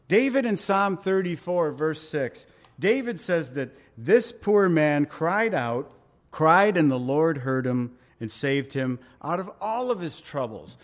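A man's voice: fairly high pitch, very animated, takes it slowly. A middle-aged man preaching a sermon as pastor, earnest and conversational, asking rhetorical questions and pleading with light humor.

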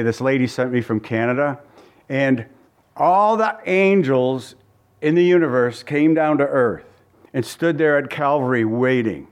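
A man preaching as a pastor, teaching verse by verse in a folksy, conversational way and often repeating his phrases. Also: medium pitch.

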